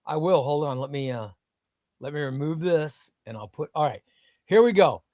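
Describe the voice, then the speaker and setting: Hosting a comic book livestream, this man chats casually in a high, bouncy voice that swings wildly, sounding excitable, flustered and self-deprecating. He talks at a normal speed, and the recording is dry and close-miked, with no sense of a room.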